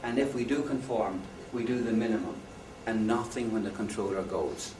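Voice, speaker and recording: At a moderate pace and in a lowish voice, a man lectures on education at a conference, sharing anecdotes, telling jokes, and putting questions to the audience. Captured in an echoey hall, the mic sits far off and picks up faint noise.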